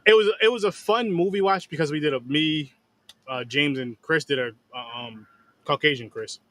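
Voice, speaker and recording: Bright-toned rambling review host. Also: male voice, on the high side, moderate pace, no room sound. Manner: rambling, restarts often, swears. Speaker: horror review show host. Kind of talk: casual chat.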